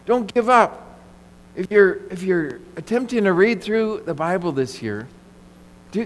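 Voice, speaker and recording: Male pastor, sermon delivery, somewhat high and lively pitch, emphatic with repetition, long hall reverb. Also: slight background noise. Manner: emphatic, repeats phrases and asks the congregation questions.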